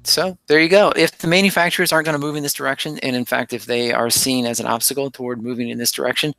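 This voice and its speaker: A man's voice: medium pitch, steady tone, fast talker, creaky, a bit bright, no echo, low-quality recording. A man hosting a casual panel podcast, talking with lots of hesitant fillers. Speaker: podcast host.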